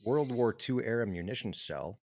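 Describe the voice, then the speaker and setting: Low-voiced man telling a crude story. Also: moderate pace, dry recording, studio quality. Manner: deadpan, crude humor. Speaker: podcast co-host. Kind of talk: casual storytelling chat.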